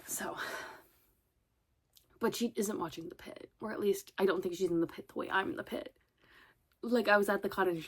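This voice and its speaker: A woman's voice: mid-range voice, brisk, creaky, long pauses. A woman rambling casually in a vlog, chatty and swearing, often breaking into laughter. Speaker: vlogger.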